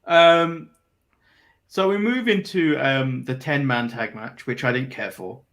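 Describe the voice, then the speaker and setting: A man's voice: mid-range voice, measured pace, fairly bright tone. A man co-hosting a wrestling review podcast in casual chat, giving blunt opinions with chuckling asides.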